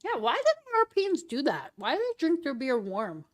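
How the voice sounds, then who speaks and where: A woman's voice: high voice, wildly swooping pitch, moderate pace. A woman hosting a casual stream chat, talking in a rambling way with lots of "like" and "um". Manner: chatty, rambling, heavy use of "like" and "um". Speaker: streamer host.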